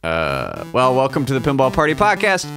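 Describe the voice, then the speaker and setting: A man's voice: medium pitch, wildly swooping pitch, normal speed, vocal fry, a bit bright, soft background music. A man hosting a solo podcast, rambling in crude, joking, self-deprecating asides. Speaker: podcast host.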